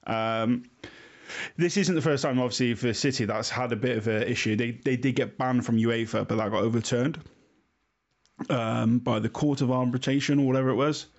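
A man's voice: medium pitch, fairly even intonation, moderate pace, muffled recording. A young man co-hosting a casual football podcast, laddish and jokey, explaining the news loosely. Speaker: podcast co-host.

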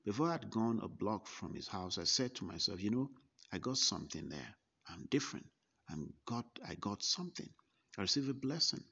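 A man slowly recounting a personal story, first person. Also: lowish voice, sing-song, pushed and bright, slightly rough. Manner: slow, deliberate recollection with quoted dialogue. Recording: dull lo-fi recording.

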